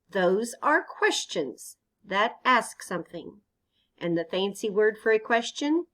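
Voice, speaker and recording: Teacher lady going real slow for little kids, voice bouncing up n down, asks stuff then answers it. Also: medium pitch, expressive, fairly bright tone. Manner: asks children questions and answers them. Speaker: elementary teacher. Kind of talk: slow, patient online lesson for young children.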